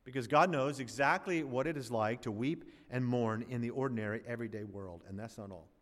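A man preaching a sermon as pastor, swinging from emphatic rises to hushed, slowed phrases. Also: medium pitch. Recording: long hall reverb.

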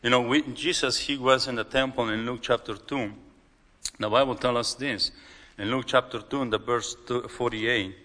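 A man with a Mexican accent, a native Spanish speaker, delivers a sermon in broken English. He stumbles and repeats words, and his bright, forceful voice carries a long echo through a large hall. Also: medium pitch, fairly even intonation, normal speed. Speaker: preacher.

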